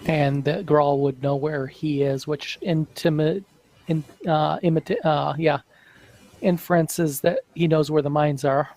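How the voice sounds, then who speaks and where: A man playing a tabletop game, reasoning through his character's options out loud. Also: on the high side, steady tone, measured pace, low-quality recording. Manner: thinking aloud, analytical. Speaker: player.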